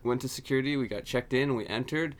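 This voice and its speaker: A man telling stories in a loose, relaxed chat with friends. He laughs often as he talks. His pitch sits in an ordinary middle range. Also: quick pace. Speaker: podcast co-host. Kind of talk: casual chat.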